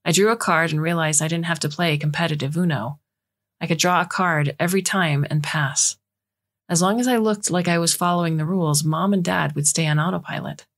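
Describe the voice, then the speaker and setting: A woman narrates a science fiction short story in a low-pitched voice. Her reading is steady and measured, in a scripted audiobook manner.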